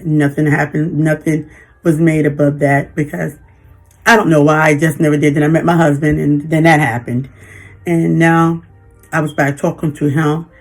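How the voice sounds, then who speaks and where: A woman in her fifties venting in a personal vlog, halting and emotional, holding back tears. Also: deep voice, darkish tone. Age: 50s. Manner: emotional, halting, frequent restarts. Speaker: vlogger.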